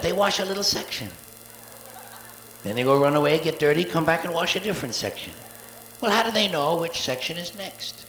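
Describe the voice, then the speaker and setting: A man's voice: on the high side, a bit bright, reverberant, a little hiss or hum. A man in his forties doing a profane, sarcastic stand-up routine on a live theater stage, recorded from the soundboard. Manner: profane, sarcastic, acts out cat voices. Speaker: stand-up comedian.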